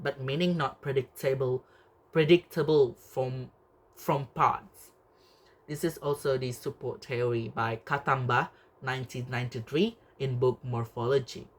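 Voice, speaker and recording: A young man speaks very slowly as he works through a class project presentation. He halts often and restarts words partway through. His pitch sits in a mid range for a man. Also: a bit bright. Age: young adult. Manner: halting, restarts words, slow and deliberate. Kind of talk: reading out a recorded class presentation.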